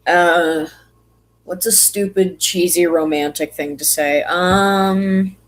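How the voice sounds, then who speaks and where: A woman's voice: on the low side, steady tone, slow pace, poor audio. A woman from the United States chatting casually on a livestream while she draws, rambling and poking fun at herself. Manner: chatty, rambling, self-mocking. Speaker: streamer.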